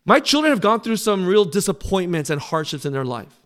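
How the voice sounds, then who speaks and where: A middle-aged man, a pastor, preaching a sermon in an earnest, pleading way that swells louder on key phrases. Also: very animated, fairly quick. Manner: drops to a soft, low close in prayer.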